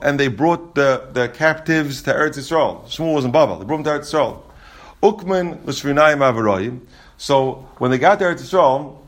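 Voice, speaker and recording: A man teaching a Talmud class, reading out Aramaic passages and explaining them in English with quick repeated restarts. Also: fairly high pitch.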